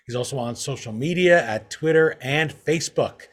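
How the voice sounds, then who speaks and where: A man's voice: medium pitch, normal speed. A man hosting an interview, introducing his guest and putting questions to him. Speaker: interview host.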